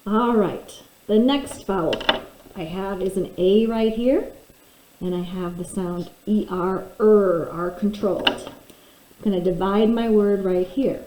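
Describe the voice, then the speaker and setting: A woman teaching a phonics lesson, slowly and deliberately sounding out letters and syllables. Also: mid-range voice, noisy background. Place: room at a desk. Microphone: camera pointed at desk. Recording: echoey room.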